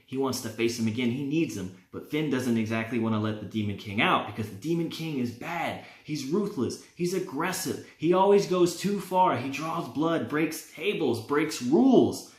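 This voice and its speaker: A man hosting a wrestling vlog, talking in an animated, opinionated way and laughing now and then. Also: medium pitch. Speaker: wrestling vlogger. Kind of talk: casual fantasy-booking talk. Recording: roomy, echoey.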